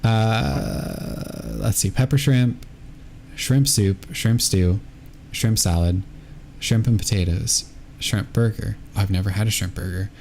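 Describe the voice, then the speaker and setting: Low-pitched, relaxed American man, hesitant gamer chatter, faint background hiss. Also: slow pace, vocal fry. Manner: laid-back, hesitant, lots of ums. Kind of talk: casual gaming chat.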